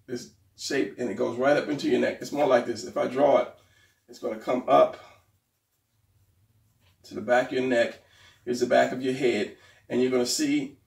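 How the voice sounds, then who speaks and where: Man, art instructor, gravelly voice, talking while sketching, roomy echo, mic set back. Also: medium pitch, darkish tone, recorded from a distance. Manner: thinking aloud while sketching, restarts and pointing. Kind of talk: casual drawing tutorial.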